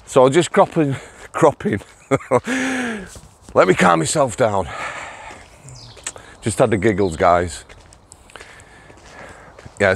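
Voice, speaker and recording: A middle-aged man, chatting to viewers on an outdoor walking vlog, laughing and addressing them directly. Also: mid-range voice. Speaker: vlogger, former prison officer. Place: outdoors on a walk.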